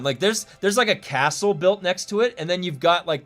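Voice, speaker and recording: A man streaming a game live, thinking aloud and reacting excitedly, swearing when things break. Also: a little high, brisk, few pauses, soft background music. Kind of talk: live gameplay streaming commentary.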